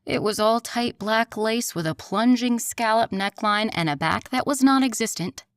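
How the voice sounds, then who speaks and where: A woman's voice: fairly high pitch, normal speed, no room sound, studio quality. A woman narrating a first-person romance audiobook in an intimate voice that often drops to a near whisper.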